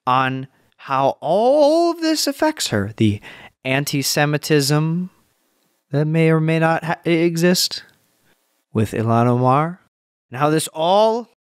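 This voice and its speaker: A man commenting on a TV clip at home, sarcastic and profane, jumping into high mocking voices. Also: no echo, clean studio sound. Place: home room. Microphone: home mic being tested.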